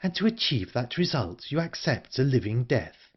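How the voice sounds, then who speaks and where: A man's voice: medium pitch, big pitch swings, moderate pace, breathy edge, lo-fi sound, pitched above the performer's own voice. A man voicing an earnest, anxious young woman in an audiobook, urgent and pleading. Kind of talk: audiobook character reading.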